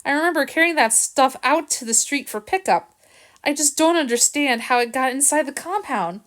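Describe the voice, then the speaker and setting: A woman's voice: sits high, normal speed, fairly bright tone, pitched above the performer's own voice. A woman reading aloud and voicing Jill, a distressed young woman who works at a kennel. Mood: upset. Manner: tearful, distressed. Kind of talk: audiobook reading.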